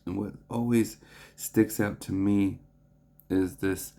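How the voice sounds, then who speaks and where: A young man reading scripture and reflecting on it in an earnest devotional talk, halting with restarts and fillers. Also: fairly low pitch, steady tone, dark tone. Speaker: preacher.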